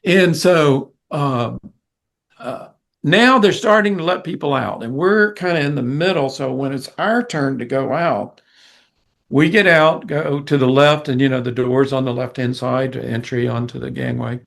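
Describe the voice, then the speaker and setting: An older man, a musician being interviewed, telling a story in an animated way and acting out the people in it. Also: medium pitch, a little slow, vocal fry. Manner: animated, vivid storyteller who acts out quoted people. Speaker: guest musician.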